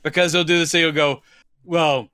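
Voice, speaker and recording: A man's voice: fairly high pitch, a little fast, a bit bright, clean tone, no room sound, studio quality. A man co-hosting a comedy movie podcast, making wry joking asides in casual chat. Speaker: podcast co-host.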